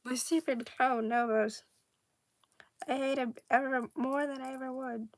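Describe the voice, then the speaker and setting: A woman's voice: a little high, steady tone, takes it slowly, warm tone, husky, dry recording, exaggerated voice. A woman voicing a bitter, hot-tempered young man who rants furiously about his twin. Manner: ranting, huffy.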